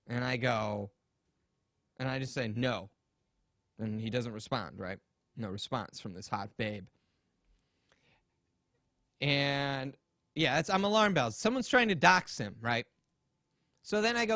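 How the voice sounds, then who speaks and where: A man's voice: medium pitch, lively intonation, moderate pace, pauses often, a bit bright, no room sound, clean studio sound. A man hosting a podcast, telling a story in casual, rambling chat, swearing and acting out quotes. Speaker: podcast host.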